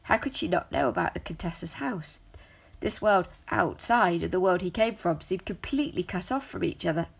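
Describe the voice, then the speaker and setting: A woman reads a storybook aloud in a steady, measured way. Her voice sits low and carries a gravelly, husky grain. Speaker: narrator.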